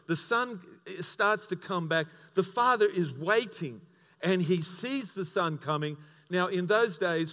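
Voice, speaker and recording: A man preaching a sermon as pastor, telling a story in an animated way and acting out its characters with sudden loud bursts. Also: on the high side, in a large hall. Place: church auditorium.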